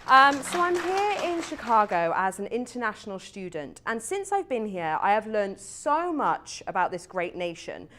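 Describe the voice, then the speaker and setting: A woman's voice: mid-range voice, sing-song, normal speed, few pauses, noisy background. A young British woman hosting a casual student chat show, chatty and self-mocking, with ums and little laughs. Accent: British English. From Britain. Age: young adult. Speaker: talk show host.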